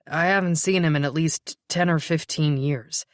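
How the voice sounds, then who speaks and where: A grieving young man in his twenties, tired and shaky, as the audiobook narrator reads him. He keeps his answers quiet and short. The recording is dry and close. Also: medium pitch, moderate pace, no echo, lightly acted. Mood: weary. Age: 20s.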